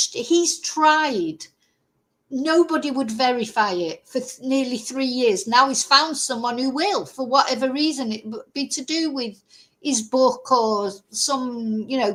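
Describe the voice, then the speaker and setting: A woman hosting a commentary vlog reads out a news article and tears it apart sarcastically, sounding scornful and exasperated. Her voice is high and fairly bright.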